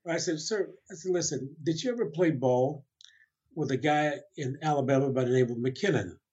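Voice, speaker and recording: An older man, a guest in an interview, telling a long family story with quiet chuckles and quoted voices. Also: on the high side, normal speed, breathy edge, lo-fi sound. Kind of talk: storytelling in a conversation.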